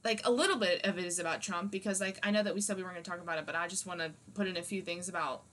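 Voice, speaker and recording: A woman's voice: on the low side, steady tone, rapid-fire, a bit bright. A woman co-hosting a casual podcast, speaking with indignant passion and swearing freely. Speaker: podcast co-host.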